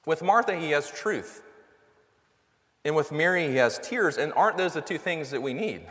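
A man's voice: on the high side, fairly bright tone. A man preaching a sermon in a conversational, earnest way, full of rhetorical questions. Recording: long reverb of a hall.

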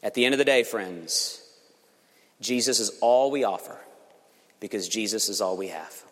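A man preaching a sermon as pastor, emphatic and swinging between loud passages and hushed ones. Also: fairly low pitch, normal speed, long reverb tail.

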